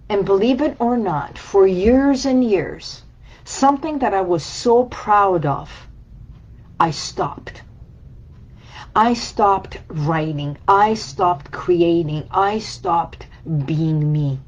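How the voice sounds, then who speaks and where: Slow, low-voiced woman coach. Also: muffled recording. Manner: reflective and emotional, speaking in short repeated phrases. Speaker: healing coach. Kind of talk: personal talk on letting go.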